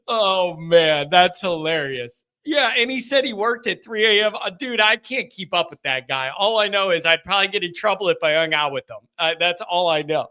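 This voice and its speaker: A man's voice: sits high, expressive, moderate pace, few pauses, bright, forceful tone, clean tone. A man from the greater Chicago area hosting a live call-in show, chatty and easygoing, laughing often. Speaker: host.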